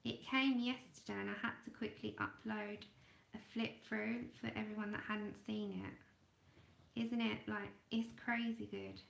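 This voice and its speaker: A woman hosting an art livestream, chatting casually and thinking aloud as she draws, sometimes trailing off into quiet murmurs. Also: mid-range voice, little pitch movement, unhurried, vocal fry, reverberant. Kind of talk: casual livestream chat while drawing.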